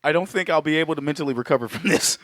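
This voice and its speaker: A man co-hosting a podcast, retelling a movie scene in a profane, animated way. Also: fairly high pitch, very fast, dry recording, clean studio sound. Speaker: podcast co-host. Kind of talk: casual movie chat.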